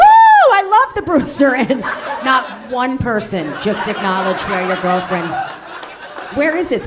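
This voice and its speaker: A woman in her forties, a stand-up comedian doing brash, profane, teasing crowd work on a club stage. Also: mid-range voice. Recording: live club with audience laughter and noise.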